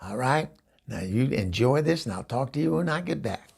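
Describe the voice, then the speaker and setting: A man's voice: mid-range voice, animated, moderate pace, vocal fry, slightly rough, heavily acted. A man playing Eunice, a bawdy, chatty middle-aged woman, telling a rambling comic story full of stammered restarts. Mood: gossipy. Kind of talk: comedy character monologue.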